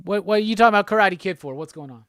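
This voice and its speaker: A laid-back man hosts a casual live stream and reads out viewer comments between easy laughs. His voice sits fairly high for a man. The sound is close and dry, with no room around it. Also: expressive, a bit bright, clear, resonant tone, no room sound. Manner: laid-back, chatty, quick laughs, reads chat aloud. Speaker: host of a live pop culture show.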